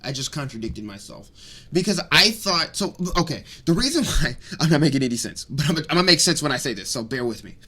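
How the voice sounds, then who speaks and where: A young man giving a fired-up, rambling breakdown of a fight, swinging between loud rants and muttered asides. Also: fairly high pitch, big pitch swings, a little fast, breathy edge. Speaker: MMA commentary vlogger.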